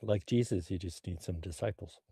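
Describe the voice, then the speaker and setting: A man's voice: low voice, normal speed, warm tone, slightly rough. A man on a casual podcast teasing and needling his co-host.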